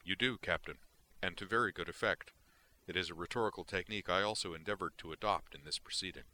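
A man voicing a calm, precise male alien science officer who speaks in a measured, formal, unemotional way. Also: low-pitched, a little hiss or hum.

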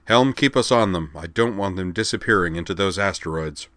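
A man's voice: sits low, brisk, fairly bright tone, dry recording. A man voicing a stern starship commander giving tight, controlled orders.

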